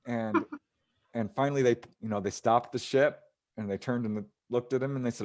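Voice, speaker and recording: A man's voice: mid-range voice, moderate pace, a little mellow. A man, a ufologist guest on an interview show, casually retelling encounter stories, often chuckling and using fillers.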